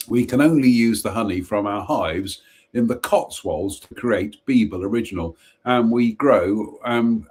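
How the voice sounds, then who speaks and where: A man's voice: fairly low pitch, a little mellow. Man reading ghost stories with wry asides. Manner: reads aloud with asides, stumbles and restarts.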